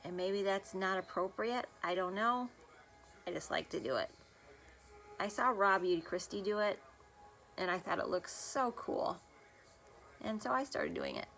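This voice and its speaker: In a home room, a beauty vlogger films a makeup tutorial on her phone camera, speaking in a medium-pitched, somewhat bright voice. She talks at a measured pace with long pauses, rambling casually and making fun of herself.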